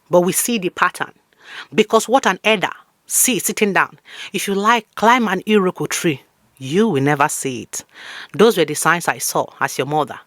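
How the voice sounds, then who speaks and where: A woman's voice: fairly low pitch, a bit bright, dry recording, clean studio sound. A woman from Africa, hosting a comedic podcast monologue in a scolding, preachy tone. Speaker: podcast host.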